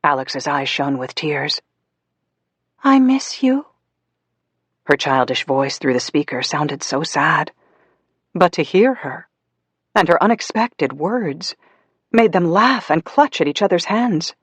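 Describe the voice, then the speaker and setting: A woman reading a novel aloud as an audiobook narrator, in a measured, even storytelling manner. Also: low-pitched, breathy edge, no room sound.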